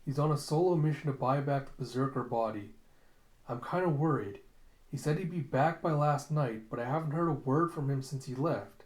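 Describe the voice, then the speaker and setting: A man voicing a kind, plainspoken young female cyborg fighter, talking gently and matter-of-factly in a slightly raised voice, recorded in a roomy space. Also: medium pitch, moderate pace, lightly acted. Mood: gentle. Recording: roomy echo.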